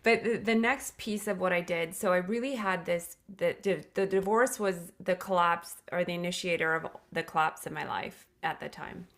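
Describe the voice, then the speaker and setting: A woman's voice: fairly low pitch, normal speed, few pauses, fairly bright tone. A middle-aged woman, a podcast guest, telling a personal story in an earnest, reflective way with emphatic restarts.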